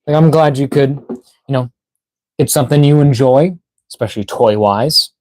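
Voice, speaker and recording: A tired man chatting through a toy unboxing live stream. He rambles, trails off and leans on fillers, sounding short of breath at times. His mid-pitched voice sits close to the mic in a dry, dead room. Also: moderate pace, darkish tone, no echo. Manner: rambling, filler-heavy, reads chat aloud. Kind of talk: casual live stream chat.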